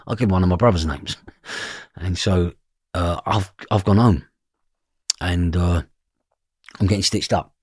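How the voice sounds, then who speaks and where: A man's voice: sits low, unhurried, long pauses, breathy edge, no echo, studio quality. A man telling a story from his past, blunt and swearing freely, often asking "do you know what I mean". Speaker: podcast guest. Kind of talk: personal storytelling.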